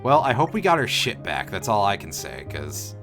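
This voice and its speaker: A man with a fairly low voice plays through a role-playing game on stream, murmuring the on-screen text and tossing in jokes and curses. His pitch jumps around expressively. Faint music plays under him. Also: wildly swooping pitch, moderate pace. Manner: reads game text aloud in a low mutter, jokes and swears. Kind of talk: casual let's-play commentary.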